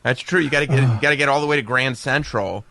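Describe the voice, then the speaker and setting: Wry deadpan radio host. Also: male voice, medium pitch, fast talker, gravelly. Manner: wry, deadpan, plays along. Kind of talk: casual radio banter. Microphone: studio microphone.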